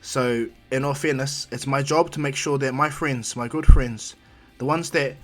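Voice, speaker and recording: A kind teenage boy hero, voiced by a man, speaks in a friendly, encouraging way, explaining things patiently to his friends. The voice stays close to the narrator's own casual tone, only a little higher. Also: a bit bright.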